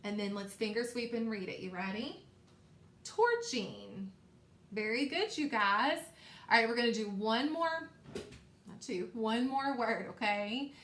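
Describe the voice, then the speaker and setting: A woman teacher leading a recorded phonics lesson for young children, slow and encouraging, repeating sounds for them to echo. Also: a little high, animated, a bit bright.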